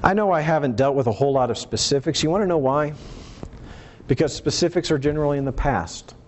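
A man's voice: quick pace, a little hiss or hum. Earnest male preacher, emphatic delivery. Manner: earnest, emphatic preaching with rising and falling pitch. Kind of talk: sermon.

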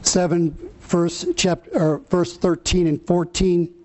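A man preaching a sermon, reading scripture slowly and earnestly, with some fillers and restarts. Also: high voice, level tone, darkish tone.

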